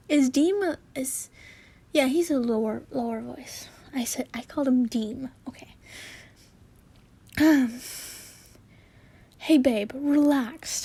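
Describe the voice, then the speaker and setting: A woman's voice: high voice, unhurried, darkish tone, slightly rough. A young woman reading fanfiction aloud, acting out the characters and often stopping to laugh and comment. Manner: giggly, breaks off to comment and laugh. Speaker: fanfiction reader.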